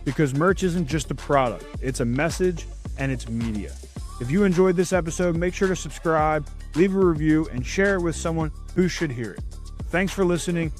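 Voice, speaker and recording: A man's voice: fairly high pitch, normal speed, faint music behind. A man reading a scripted podcast outro in a polished, promotional way. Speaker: podcast host.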